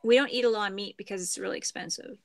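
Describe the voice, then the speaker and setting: A middle-aged woman from Canada chatting casually on a craft livestream, meandering and trailing off into soft murmurs. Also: medium pitch, rapid-fire, creaky, no room sound.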